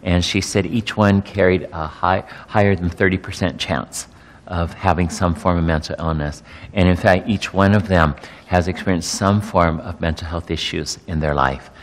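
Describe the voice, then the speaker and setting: Middle-aged pastor guy, kinda low voice, candid testimony, stumbles and repeats words a lot, big echoey hall. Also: steady tone. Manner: candid, halting, repeats words while searching. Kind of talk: personal testimony talk to an audience.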